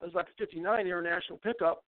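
A man's voice: high voice, fairly even intonation, rapid-fire, no echo. An older man, telling rambling folksy stories as an interview guest and often restarting his sentences. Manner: rambling folksy storyteller, frequent restarts, laughs at his own tales. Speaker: interview guest, former baseball pitcher. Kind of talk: storytelling in a casual interview. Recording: tinny phone line.

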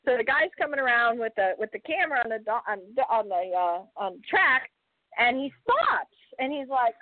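An actress telling a story in casual podcast chat, acting out the quotes and swearing freely. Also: female voice, on the high side, sing-song, normal speed, no room sound, phone-quality sound. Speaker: actress guest.

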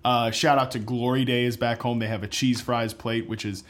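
A man's voice: mid-range voice, level tone, moderate pace, a bit bright. A man co-hosting a podcast in casual chat, telling loose, rambling stories full of fillers. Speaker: podcast co-host.

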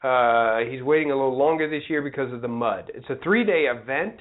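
A man co-hosting a radio show, reading local news items at a brisk clip and teasing his partner. His pitch sits in the middle range for a man. The audio is narrow and tinny, like a phone line. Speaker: radio co-host. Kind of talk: casual radio chat.

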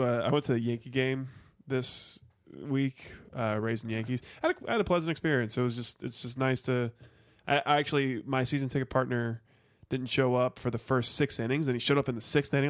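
A man's voice: mid-range voice, no room sound, clean studio sound. A man co-hosting a podcast in loose, joking banter, swearing freely. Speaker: podcast co-host. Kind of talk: casual chat.

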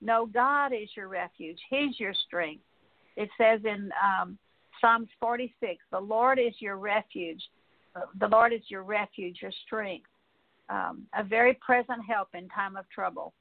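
A woman's voice: mid-range voice, a little slow, gravelly. A woman teaching from the Psalms, then leading a long prayer of confession with a string of "forgive me" petitions and a few ums and uhs. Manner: reads Psalms aloud and prays in a long repeated list, with ums and uhs. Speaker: Christian teacher. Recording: tinny phone-like line.

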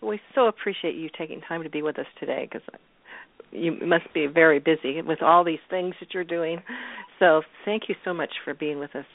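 Co-host: gracious, mid pitch, narrow tinny sound. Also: brisk. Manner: gracious, thankful. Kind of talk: casual interview chat. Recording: phone-line sound.

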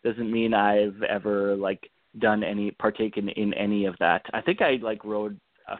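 A man's voice: fairly low pitch, steady tone, normal speed, dry recording. A man from Alberta, Canada, a guest on a casual call-in show, rambling and self-deprecating with easy laughs and many restarts. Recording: tinny phone line, dry.

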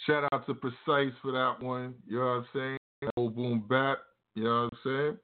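A man's voice: mid-range voice, level tone, normal speed. A man hosting a casual live radio show, talking in laid-back street slang with lots of fillers. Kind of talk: casual talk radio chat. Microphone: Facebook live stream. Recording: tinny phone-like line.

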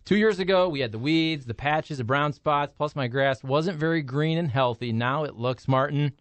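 A man co-hosting a radio show, doing a live ad read with upbeat, salesy energy. His voice sits a little high and sounds dry and close on a studio mic. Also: moderate pace, dry recording. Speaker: radio co-host.

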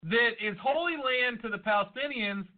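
Brief: high-pitched male co-host, argumentative and jokey, swears freely, thin phone-line sound. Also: normal speed. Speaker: podcast co-host. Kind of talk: casual profane chat.

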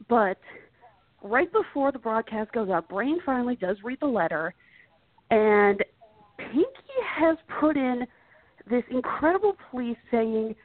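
A woman with a somewhat high voice, guesting on a podcast and eagerly retelling a plot. The sound is dry and thin, like a phone line. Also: no echo. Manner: animated retelling of plots. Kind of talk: casual chat.

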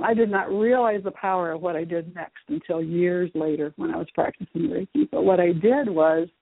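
A middle-aged woman, a guest, telling a story about her childhood in an animated way, acting out the dialogue. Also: on the low side, dry recording. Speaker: guest, Reiki teacher. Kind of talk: storytelling in an interview. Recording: phone-line call-in audio.

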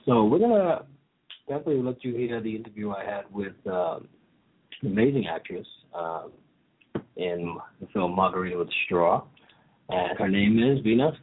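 A man's voice: lowish voice, animated, moderate pace, slight background noise. A man hosting a radio show in casual chat, loose and teasing, with lots of fillers. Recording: tinny phone-line audio.

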